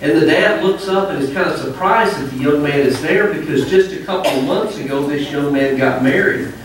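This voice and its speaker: A man's voice: a little high, a little fast. A man preaching a sermon in a conversational, storytelling manner in a church. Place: church sanctuary. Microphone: wireless mic cutting out. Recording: echoey sanctuary, distant mic, faint noise.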